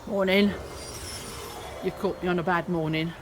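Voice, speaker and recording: A woman's voice: on the low side, fairly even intonation, normal speed, slight background noise, lightly acted. A woman playing a flustered adult story character who hesitates and rambles.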